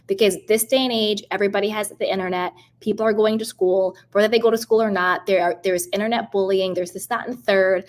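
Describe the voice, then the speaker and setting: A woman's voice: medium pitch, fast, few pauses. A woman giving a casual, indignant recap of a reality show, talking straight to camera and acting out what others said. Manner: animated, indignant, acts out quoted voices. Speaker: reality TV commentator.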